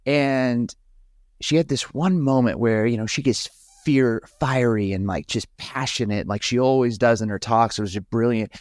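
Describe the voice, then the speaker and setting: A middle-aged man speaks in a conversational interview, his voice sitting at an ordinary middle pitch. He talks earnestly and haltingly, often restarting his phrases as he works through his thoughts. The recording is close and dry, with no room sound. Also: no room sound. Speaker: pastor, podcast guest.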